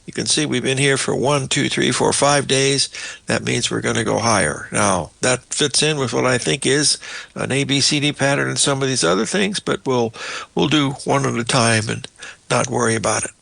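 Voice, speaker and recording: A man's voice: mid-range voice, normal speed, vocal fry, a bit bright, dry recording. An older man hosting a market show, walking through charts in a folksy, rambling way and calling his viewers "folks", with a slightly choked-up voice. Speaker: market analyst host. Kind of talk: live chart analysis talk.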